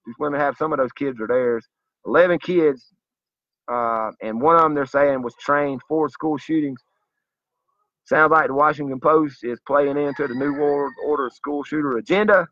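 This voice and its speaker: A man's voice: a little high, normal speed, fairly bright tone, dry recording. A man delivering a zealous, preachy monologue straight to his viewers in a slightly dull lo-fi recording. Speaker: vlogger. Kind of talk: earnest direct-to-camera monologue.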